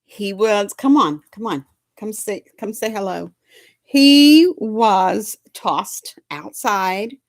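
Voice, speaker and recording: Slow-talking doting woman. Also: mid-range voice, lively intonation, dry recording, clean studio sound. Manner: folksy, doting, drawn-out talk, baby talk to her dog. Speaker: livestream host chatting with viewers. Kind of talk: casual chat to a live audience.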